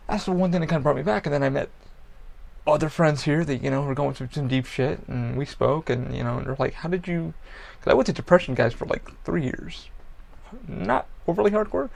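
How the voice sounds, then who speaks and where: A man's voice: medium pitch, vocal fry. A man hosting a podcast, talking bluntly and profanely in a rambling personal monologue. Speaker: podcast host.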